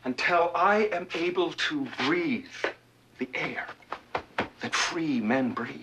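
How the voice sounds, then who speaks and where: A man's voice: on the high side, lively intonation, takes it slowly, heavy background noise. An actor playing a scheming, theatrical middle-aged businessman in a TV drama, with florid, melodramatic pleading. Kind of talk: TV drama acting. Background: music.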